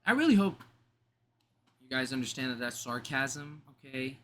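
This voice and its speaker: A man's voice: medium pitch, normal speed, bright, forceful tone, a little hiss or hum. A young man talking casually to camera in a rambling vlog, slangy and often cutting himself off mid-thought. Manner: rambling, self-interrupting, slangy. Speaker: vlogger.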